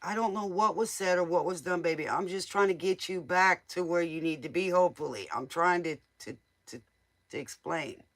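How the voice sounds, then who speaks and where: A woman's voice: lowish voice, moderate pace, a bit bright. A woman giving casual, motherly tarot readings to viewers on a live stream. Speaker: tarot reader.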